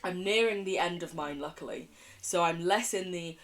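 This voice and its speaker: A woman streaming a video game, chatty and quick, swearing freely and laughing often as she reacts and reads aloud. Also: on the low side, faint music behind. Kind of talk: live-stream game commentary.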